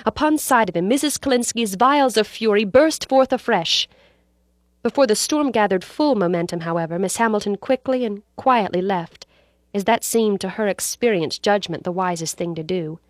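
A woman narrating a story aloud in a measured, dramatic reading style. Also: medium pitch, no room sound, clean studio sound.

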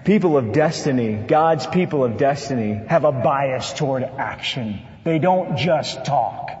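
A man preaching a sermon in an animated way, with playful asides. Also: medium pitch, unhurried. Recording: dull sound with long hall reverb.

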